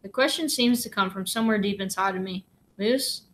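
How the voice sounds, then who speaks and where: Woman, audiobook reader, measured, gentle, mid pitch. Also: a little hiss or hum. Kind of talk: reading a novel aloud.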